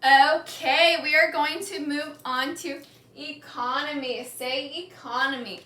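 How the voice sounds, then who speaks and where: A woman teacher giving a classroom lesson, speaking slowly and clearly and repeating key words for the class to echo back. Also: high voice, steady tone, bright, forceful tone, slight background noise. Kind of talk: classroom lesson with call-and-response reading.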